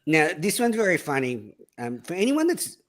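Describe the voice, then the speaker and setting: A man's voice: a little high, very animated, moderate pace, fairly bright tone. A man hosting a podcast in casual, blunt, profane chat. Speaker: podcast host.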